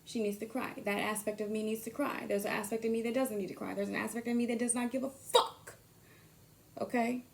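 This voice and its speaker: A woman giving a casual motivational monologue, swearing freely and swinging from hushed whispers to loud bursts. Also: a little high, steady tone, a little fast, creaky, a little hiss or hum. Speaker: motivational vlogger.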